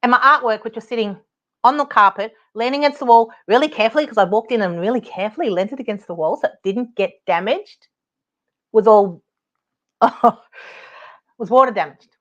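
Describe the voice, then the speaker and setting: A middle-aged Australian woman tells a story on her podcast, exasperated and animated, laughing often between lines. Her voice sits a little high and the audio sounds somewhat dull and lo-fi. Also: fairly quick. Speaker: podcast host, property advocate. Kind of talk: casual storytelling monologue.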